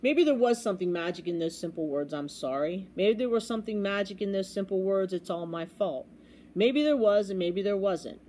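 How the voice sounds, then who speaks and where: Woman storyteller, dramatic read-aloud of a kids' book, mellow warm tone. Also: mid-range voice, brisk, hardly any pauses, a little hiss or hum. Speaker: storybook reader.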